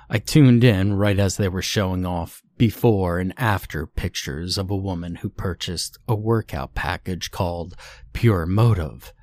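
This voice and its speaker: A man narrating a scripted horror story in a measured, grim way. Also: sits low, a little mellow.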